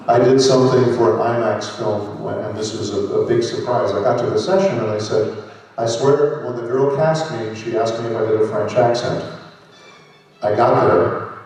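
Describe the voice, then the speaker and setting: A man in his sixties, a voice actor on a convention panel, telling lively anecdotes and self-mocking jokes into a handheld mic. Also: on the low side. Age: 60s. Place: large convention hall. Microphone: handheld microphone. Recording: echoey hall, voice from far off.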